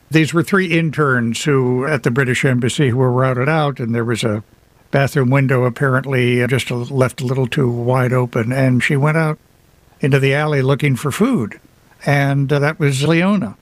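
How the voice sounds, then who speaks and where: Recorded dry, this man speaks in a mid-range voice at a moderate pace. He's an author being interviewed on the radio, telling personal stories casually and reflectively, with touches of light humor.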